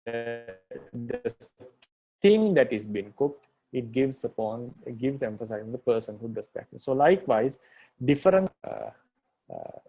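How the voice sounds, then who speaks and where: Mellow-voiced monk patiently teaching grammar. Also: male voice, mid-range voice, huge pitch swings, unhurried, soft background music. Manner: patient, repetitive, restates points with "right?". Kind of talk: explanatory lecture.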